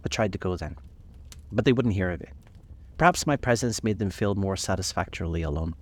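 A man narrating a classic novel in a measured, reflective reading, slowing on key passages. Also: sits low, lively intonation.

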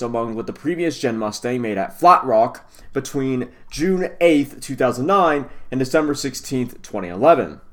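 Male car news host, mid-range voice, loose headline reads with chatty asides. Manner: stumbles over names and rants with rising pitch. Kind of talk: reading headlines with casual asides.

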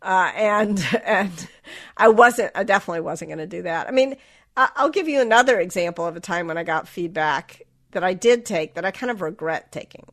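A woman's voice: on the low side, expressive, fast talker. A middle-aged woman from the American South, without a Southern accent, speaking as an interview guest in a reflective, self-deprecating way with frequent restarts. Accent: General American, Southern accent dropped. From Southern United States. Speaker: author and guest. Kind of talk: candid interview talk.

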